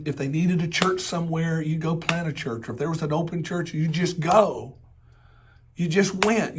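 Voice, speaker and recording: Man, Southern accent, pastor, hoarse and husky, slightly high voice, folksy storytelling sermon, rhetorical questions. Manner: folksy, joking asides and repeated rhetorical questions. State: hoarse from laryngitis.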